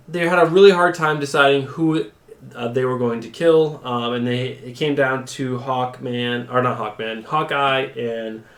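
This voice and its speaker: A man co-hosting a casual stream about comic book news, reading out items and riffing on them in a relaxed way. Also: medium pitch. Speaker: co-host. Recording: echoey room.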